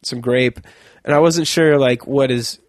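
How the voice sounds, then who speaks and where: A man's voice: mid-range voice, a little slow, no echo. A young man chatting casually on a podcast, telling a long rambling story, laughing mid-sentence and swearing now and then.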